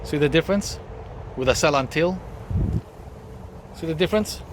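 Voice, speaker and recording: Here a gardening vlogger talks casually while touring his backyard garden, pointing things out and rambling with lots of ums. The voice is a little high at a moderate pace, over a faint hiss or hum.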